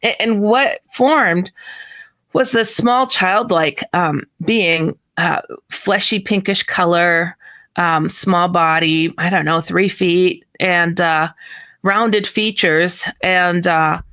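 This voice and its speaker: A woman who is a guest in an interview, telling a story and acting out its dialogue in a lively way. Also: fairly low pitch, slow, no room sound. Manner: animated, acts out the dialogue in her story.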